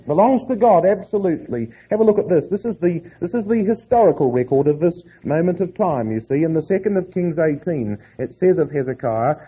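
A husky man preaches a sermon in a fairly high voice, slowing right down to stress each phrase when he reads scripture. The recording is dull and lo-fi. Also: expressive. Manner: reads scripture slowly with heavy emphasis.

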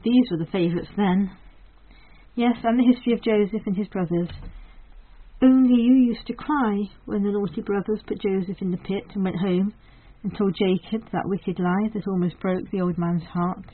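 A woman's voice: medium pitch, moderate pace, lightly acted. A woman reading the part of a kind, motherly farmer's wife who chats cheerfully, in a thin phone-like recording. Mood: cheery. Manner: warm chatty neighbourly tone.

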